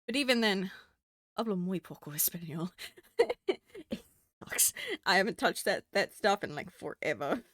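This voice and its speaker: A woman's voice: mid-range voice, lively intonation, normal speed, long pauses, fairly bright tone, no echo, clean studio sound. A woman from New Zealand with a Kiwi accent, chatting casually on a stream and laughing often at herself. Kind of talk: casual stream chat while drawing.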